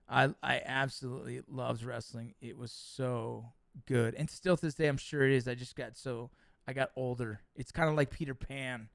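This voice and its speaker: A middle-aged man hosting a livestream, reading chat and telling stories in a casual, profane, animated way. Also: mid-range voice, vocal fry, dry recording, clean studio sound.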